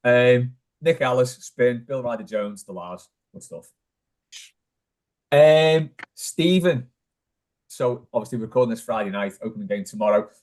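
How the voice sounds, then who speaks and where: A man's voice: medium pitch, lively intonation, measured pace, darkish tone. A man hosting a casual fan podcast, laughing often and calling on each panel member in turn. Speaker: podcast host. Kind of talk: casual chat.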